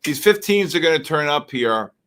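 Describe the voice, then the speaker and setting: A man's voice: a little high, animated, normal speed, pushed and bright. Rambling male trading-stream host. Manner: rambling, exclamatory, talks to chat and dog. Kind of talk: live market commentary.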